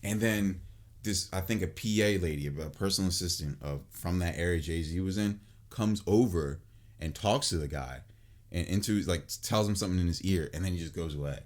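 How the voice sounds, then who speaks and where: A man in his late twenties hosting a podcast, telling a long story in a casual, animated way, full of swearing and "like". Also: low voice, brisk. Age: late 20s. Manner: animated and profane, filled with "like" and restarts. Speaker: podcast host.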